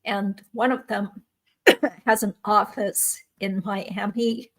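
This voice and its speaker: A woman's voice: medium pitch, fairly even intonation, takes it slowly, a bit bright. A woman, a lawyer hosting a YouTube show, talking in a friendly, conversational way on a video call. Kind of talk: casual interview chat.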